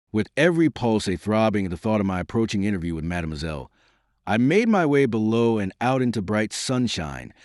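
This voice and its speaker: Low-voiced guy narrating an old adventure novel, really expressive up and down, dry close mic. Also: no echo. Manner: measured, expressive storytelling. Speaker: audiobook narrator. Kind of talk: first-person historical novel narration.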